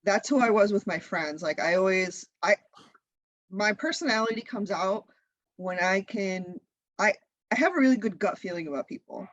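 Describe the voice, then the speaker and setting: A woman in her thirties, a guest chatting in a casual interview, lively and laughing often. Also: medium pitch, moderate pace, dry recording, lo-fi sound. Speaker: guest, content creator.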